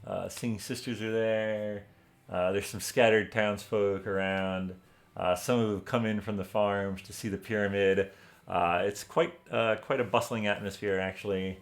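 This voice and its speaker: A man's voice: on the low side, steady tone, measured pace. A man narrating as game master in a casual way, with many fillers. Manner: casual, filler-heavy, laughing.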